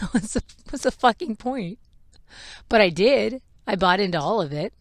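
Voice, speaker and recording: Unhurried and lively in intonation, a mid-range female voice carries a mother's personal story on her podcast, told frankly and with feeling, plus laughs and the odd swear word. The recording is dry.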